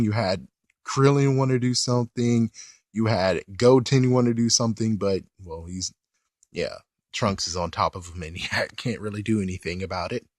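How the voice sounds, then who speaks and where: A man's voice: mid-range voice, a little mellow, no echo, studio quality. A man giving a casual, rambling recap of a cartoon episode, exasperated and swearing mildly. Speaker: video commentator.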